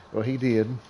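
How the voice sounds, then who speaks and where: A man's voice: medium pitch, dark tone, slight background noise. A middle-aged man who hosts a gaming channel, telling a rambling story about himself over gameplay, folksy and chuckling often.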